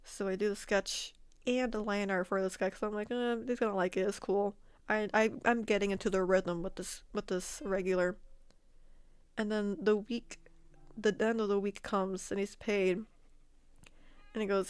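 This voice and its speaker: A woman streamer and artist telling a story to her chat in a casual, animated way, laughing often and repeating words. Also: mid-range voice, moderate pace, pauses often, smooth, dry recording. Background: faint background music.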